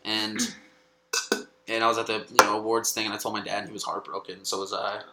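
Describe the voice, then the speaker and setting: Low-voiced man telling a rodeo story. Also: little pitch movement, fast talker, echoey room, heavy background noise. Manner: swears a lot, many restarts. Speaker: comedian guest. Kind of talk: casual storytelling.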